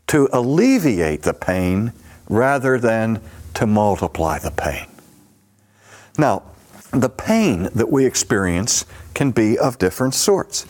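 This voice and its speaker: A man lecturing at an unhurried, measured pace. His pitch rises and falls with animated emphasis as he walks through a point step by step. He keeps stopping to ask his listeners questions. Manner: deliberate, asks rhetorical questions. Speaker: teacher. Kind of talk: teaching lecture.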